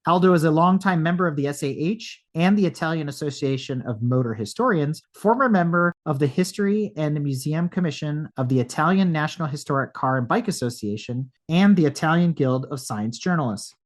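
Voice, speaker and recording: A man reading a scripted introduction as podcast host, in an even, read-aloud delivery. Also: on the high side, a little fast, few pauses.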